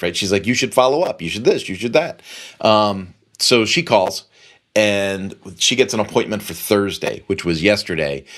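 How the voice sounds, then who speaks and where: A man's voice: on the low side, a bit bright. A middle-aged man hosting a podcast, telling a long story in a casual, rambling way and repeating phrases for emphasis. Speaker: podcast host.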